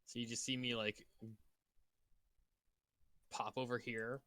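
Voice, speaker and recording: A man's voice: mid-range voice, little pitch movement, slow pace, pushed and bright, clear, resonant tone, no echo. A man playing a tabletop game, casual and hesitant, often laughing between words. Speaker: player.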